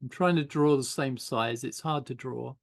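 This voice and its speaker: A man's voice: medium pitch, moderate pace, vocal fry. An older man giving an informal online animation class, chatting loosely while he draws and thinks aloud. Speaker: animation teacher.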